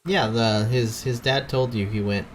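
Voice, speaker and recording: A man running a tabletop game as game master, relaxed and halting, with plenty of fillers. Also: mid-range voice, a little hiss or hum.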